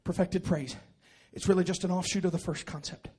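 A pastor preaching a sermon in a church, moving from quiet teaching to loud, shouted exhortation. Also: male voice, sits high, steady tone, fairly quick, husky. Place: church auditorium.

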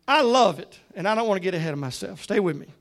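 A preacher delivering a sermon in a strikingly high-pitched voice. He tells his stories in an easy, conversational way and then rises to loud, shouted emphasis on his key points. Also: expressive, fast talker.

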